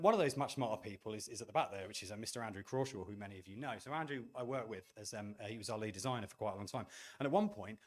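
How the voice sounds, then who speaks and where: A middle-aged man speaks at a conference with a voice of ordinary middle pitch. He is animated and self-deprecating, and he acts out the remarks he quotes. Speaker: game studio leader giving a talk. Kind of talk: conference talk to an audience.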